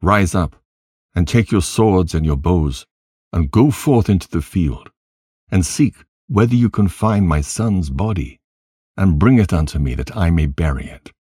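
A man's voice: sits low, animated, unhurried, mellow, husky, dry recording, clean studio sound, full character voice. A man reading as a grieving old patriarch. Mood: grim command. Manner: lamenting, crying out in archaic speech. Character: grieving old patriarch father mourning his son.

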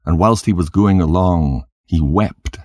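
A man narrating an old tale in a measured, solemn storytelling manner. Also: deep voice, a little mellow, no room sound, studio quality.

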